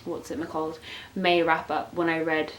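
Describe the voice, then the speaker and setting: A woman's voice: deep voice, little pitch movement, moderate pace, rough recording. A 19-year-old woman chatting casually as a book vlogger, gushing and self-mocking, with lots of filler words. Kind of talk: casual chat. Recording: faint hiss.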